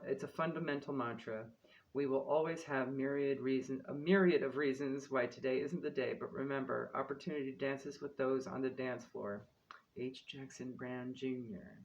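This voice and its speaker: A man giving a tarot-style card reading and reading guidance aloud, calm and encouraging, with casual asides and a light laugh at his own slips. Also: medium pitch, rough recording. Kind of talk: spiritual card reading, reading guidebook text aloud.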